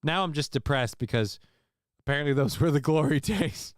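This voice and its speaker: A male livestream host talks through clips in a rambling, crude, self-deprecating way. His voice is smooth and clear and sits a little high. The sound is dry and close, as if he is speaking straight into the mic. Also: moderate pace, dry recording. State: unwell after vomiting. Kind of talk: casual live commentary.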